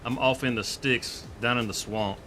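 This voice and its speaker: A man with a Southern Georgia accent, hosting a farming game live stream in a relaxed, rambling way with chuckles. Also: mid-range voice, normal speed, soft background music. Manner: laid-back, chuckling, rambling with fillers. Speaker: streamer host. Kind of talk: casual live-stream gaming chat.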